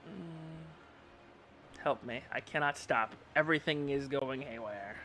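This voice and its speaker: A man streaming a game live as a VTuber, excitable, yelling and bantering with his chat. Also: medium pitch, measured pace, background noise.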